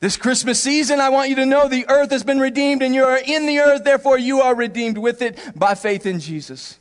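A pastor delivers a sermon from the pulpit in a high, light voice, speaking a little fast. He is animated, putting on playful voices to act out small scenes and laughing as he goes. A long reverb trails through the church hall.

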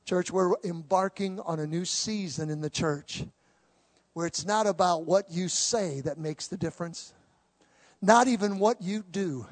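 A pastor preaching a sermon to a congregation at a church service, impassioned, swinging between loud declarations and hushed tones. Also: male voice, high voice, unhurried.

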